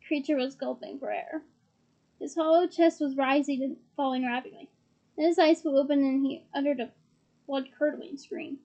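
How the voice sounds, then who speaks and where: A woman's voice: high voice, steady tone, moderate pace, dark tone, lo-fi sound. A woman reading a fantasy novel aloud, narrating steadily and with expression. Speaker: reader.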